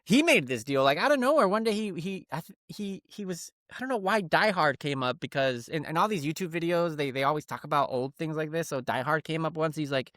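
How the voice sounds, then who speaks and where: A middle-aged man and podcast co-host in casual comedic chat, telling stories and acting out his son in a higher voice. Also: fast, no room sound, clean studio sound. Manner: animated storyteller, acts out his son in a higher voice.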